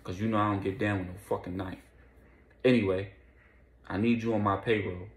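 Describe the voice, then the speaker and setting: Man doing a blunt female crime boss, gravelly low voice, echoey room. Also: fairly even intonation, a little fast, lightly acted. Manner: blunt street talk.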